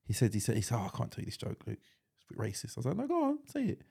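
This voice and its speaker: A man co-hosting a podcast in casual chat, excitable and teasing, often repeating his words as he talks. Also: lowish voice, rapid-fire, gravelly, slightly rough. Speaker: podcast co-host.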